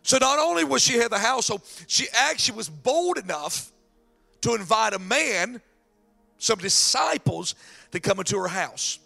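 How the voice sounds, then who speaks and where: A man preaching a sermon as pastor, animated, acting out the voices of people in the scripture story. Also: high-pitched, moderate pace, gravelly, soft background music.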